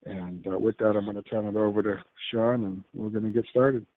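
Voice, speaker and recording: A man's voice: lowish voice, fairly even intonation, fairly quick. A man hosting a call-in show, introducing it in an easygoing way. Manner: easygoing, with fillers. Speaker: show host. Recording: tinny phone-line sound.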